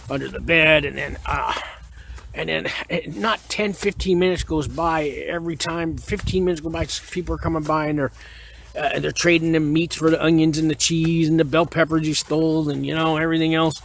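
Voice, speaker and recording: A man's voice: on the high side, fairly even intonation, brisk, gravelly, a bit bright, a little hiss or hum. A man who served time in prison, casually telling his story to camera in a frank, rambling way, with many fillers and restarts. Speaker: former inmate giving prison advice.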